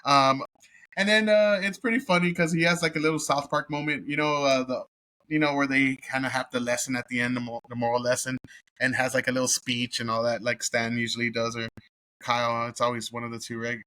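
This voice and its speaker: A man reviews a film in a loose, unscripted way, swearing freely and stumbling through fillers as he retells scenes. His voice is bright and forceful, pitched in an ordinary middle range. He chuckles now and then as he goes along. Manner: profane and rambling, heavy cursing with filler words; amused, laughs while telling the story. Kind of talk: casual movie review.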